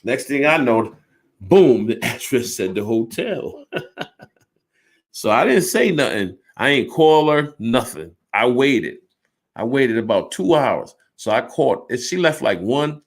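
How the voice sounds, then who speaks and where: Blunt, animated man in his fifties. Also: mid-range voice, unhurried. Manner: animated, blunt, swears, acts out both sides of arguments. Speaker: storyteller recounting his life. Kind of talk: candid personal storytelling.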